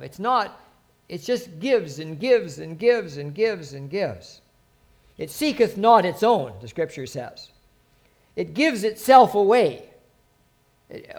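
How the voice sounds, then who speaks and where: A male preacher delivering a sermon in a halting way, restarting phrases and repeating words for emphasis. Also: a little high.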